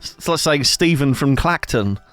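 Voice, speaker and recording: A man's voice: on the high side, expressive, unhurried, a bit bright, no room sound, faint music behind. A man bantering casually on a livestream, reading out chat and joking around. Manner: jokey, rambling, chat-reading. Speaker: streamer co-host.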